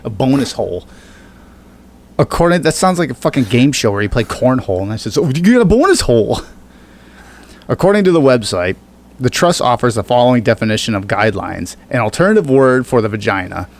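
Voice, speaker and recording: A man's voice: mid-range voice, expressive, brisk. Laughing man reading news aloud. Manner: laughs often, reads news aloud, swears. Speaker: podcast co-host. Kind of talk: casual comedic podcast chat.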